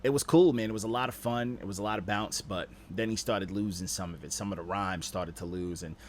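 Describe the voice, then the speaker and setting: A man's voice: fairly low pitch, fairly quick, a little hiss or hum. Laid-back man judging rap verses. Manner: animated, laid-back slang, repeats "you know what I'm saying". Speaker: rap judge and stream host. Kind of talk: casual critique of rap submissions.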